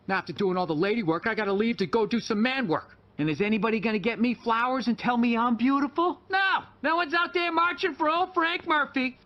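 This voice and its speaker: A grumbling middle-aged cartoon dad, sour about his lot and griping in a gruff, fairly high voice. The clip sounds dull and lo-fi. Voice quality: gruff complaining rant. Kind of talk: animated sitcom voice acting.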